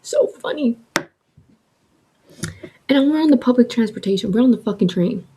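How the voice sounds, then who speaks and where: A woman in her twenties telling a story in a chatty, animated way, filling her talk with "like" and swearing. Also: on the high side, fast talker, noisy background. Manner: chatty, heavy use of "like", swearing, animated retelling. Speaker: vlogger. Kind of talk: casual storytime with soft ASMR eating.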